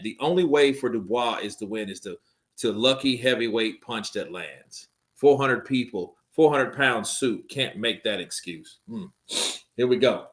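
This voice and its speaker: A young man hosting a live stream, giving hyped, animated watch-along commentary and laughing often. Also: mid-range voice.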